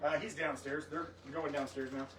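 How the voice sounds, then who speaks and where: A male ghost hunter talks through an investigation in an old hotel, recounting events in an animated way. His voice sits a little high for a man and is picked up from a distance, with a roomy echo and faint noise behind it. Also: moderate pace. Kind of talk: casual chat during an investigation. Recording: echoey room, off-mic.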